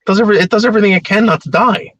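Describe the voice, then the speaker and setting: A man's voice: high voice, very fast, fairly bright tone, dry recording. A man talking casually in a rambling monologue, repeating words and growing heated.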